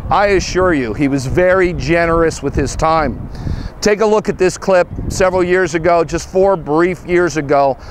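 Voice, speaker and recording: Upbeat Pennsylvania-raised TV sports host. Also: male voice, fairly high pitch, a little hiss or hum. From western Pennsylvania. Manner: folksy storytelling, upbeat. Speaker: sports talk show host. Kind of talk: scripted tribute monologue.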